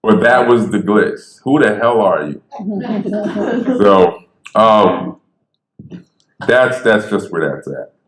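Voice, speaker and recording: A man who stutters, telling stories on stage in a lively, conversational way and acting out the people he quotes. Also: fairly low pitch, slow pace, long pauses, a crowd in the background. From Bridgeport, Connecticut. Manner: animated, conversational, acts out quotes. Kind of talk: storytelling talk. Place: theater stage. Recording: echoey theater.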